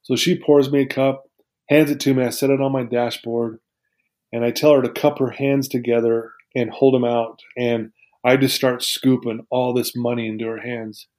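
A man's voice: medium pitch, level tone, moderate pace, darkish tone. A man as an interview guest, telling a personal story in an earnest, heartfelt, reflective way.

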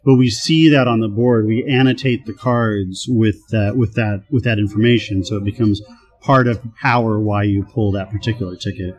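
This casual interview guest, a software team manager, tells lively work stories, laughing frequently and performing other people's quoted lines. His pitch is fairly low and his pace moderate.

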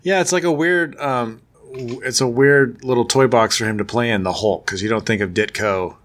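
A man's voice: mid-range voice, normal speed, a bit bright. A man in casual chat about comics, making dry, sarcastic asides. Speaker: podcast co-host.

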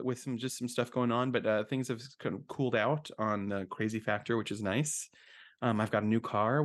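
A man hosting a casual podcast, talking in a relaxed, chatty way with lots of little fillers. His pitch sits in an ordinary middle range. He moves easily between jokes and summing up a plot. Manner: chatty, jokey, with frequent fillers and laughs. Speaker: podcast host.

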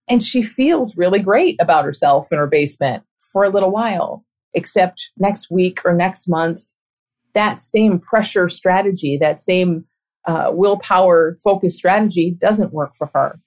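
A middle-aged woman hosting a talk show and coaching, speaking in an earnest, reflective way with soft laughs. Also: fairly low pitch, a little slow. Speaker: podcast host and coach. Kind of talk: conversational monologue.

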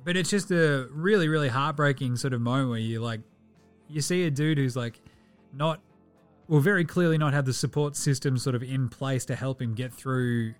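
An Australian man hosting a casual sports podcast, joking, swearing and jumping into bursts of excitement. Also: mid-range voice, normal speed, faint music behind. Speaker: podcast host.

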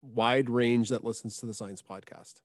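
A man who hosts a science podcast speaks as a guest in a casual interview. He sounds measured and thoughtful and sometimes restarts his sentences. His voice is recorded close and dry, with no room echo. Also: mid-range voice, steady tone.

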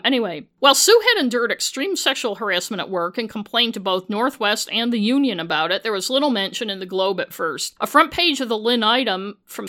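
A woman's voice: mid-range voice, sharp tone. A woman and former journalist hosting a true-crime podcast, narrating casually with sarcastic asides and frequent swearing. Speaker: podcast host.

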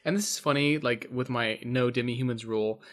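This is a man chatting casually on a podcast, with a middle-pitched, everyday voice. He tosses in dry, teasing asides as he talks. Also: a little fast, a crowd in the background. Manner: wry, joking asides. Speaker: podcast co-host.

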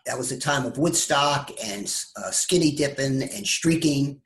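Male therapist explaining, mid-pitched voice. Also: lively intonation, a bit bright. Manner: explanatory, pauses to search for words. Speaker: psychotherapist guest. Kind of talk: interview answers.

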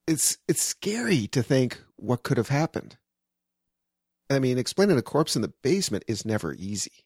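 A man's voice: medium pitch, sing-song, moderate pace, a little mellow, breathy edge, dry recording. Brief: male storyteller, wry and conversational, mid-range voice, dry close sound. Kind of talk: personal anecdote storytelling.

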